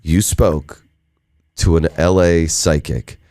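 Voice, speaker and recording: A man's voice: deep voice, steady tone, slow, a little mellow. A man co-hosting a podcast, talking in brash, mocking casual banter and dropping into silly voices. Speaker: podcast co-host.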